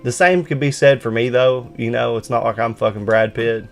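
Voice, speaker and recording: A man's voice: mid-range voice, steady tone, moderate pace, gravelly, soft background music. A man hosting a gaming live stream, bantering casually and swearing freely. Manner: profane, laid-back banter. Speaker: streamer host.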